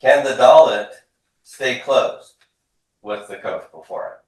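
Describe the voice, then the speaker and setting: A man's voice: mid-range voice, takes it slowly, darkish tone. A man teaching a classroom lesson, explaining patiently, often repeating words and drilling forms aloud for students to echo. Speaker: Hebrew instructor. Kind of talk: classroom lecture. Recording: echoey classroom from far off.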